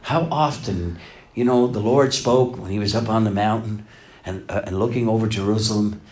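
A middle-aged pastor preaching a sermon, dropping to hushed lines and then swelling to loud, emphatic passages. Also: male voice, fairly low pitch, normal speed, slight background noise.

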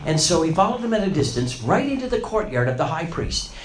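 A man's voice: a little high, sing-song, a little fast. A man preaching a sermon, retelling a story with rising and falling dramatic intensity. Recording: roomy echo, faint noise.

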